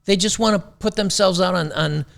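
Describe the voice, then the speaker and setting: A man's voice: high voice, normal speed, vocal fry, a bit bright. A man hosting a talk show, giving blunt, sarcastic, rambling commentary on a video clip. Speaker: show host.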